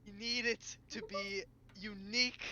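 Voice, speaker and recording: A woman playing a tabletop game, casually chatting and bursting into loud laughing shouts. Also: medium pitch, fairly even intonation, a little slow.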